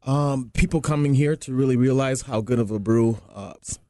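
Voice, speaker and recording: A man chatting casually as a guest, laid-back and hesitant with many pauses. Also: mid-range voice, mellow, dry recording. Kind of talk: casual chat.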